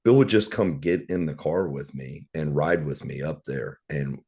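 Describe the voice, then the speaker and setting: An extremely low, darkish male voice with a breathy edge and normal speed carries a casual Bible study. The man preaches informally and tells rambling, candid stories, swearing now and then.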